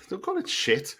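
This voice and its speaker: A man co-hosting a podcast in casual chat, joking and self-deprecating. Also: sharp tone. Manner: laughs easily, self-deprecating banter. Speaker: podcast co-host.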